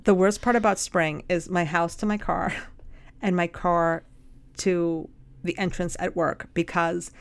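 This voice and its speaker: A woman co-hosting a podcast, chatting casually and telling animated stories. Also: lowish voice, unhurried, smooth. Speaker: podcast co-host. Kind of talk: casual chat.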